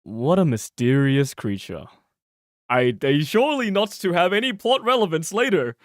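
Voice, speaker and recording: Animated young man streaming a game. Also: on the high side, moderate pace, no echo, clean studio sound. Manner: animated, swearing, laughing, joking. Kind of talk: casual gameplay commentary. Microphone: close mic, peaking loud.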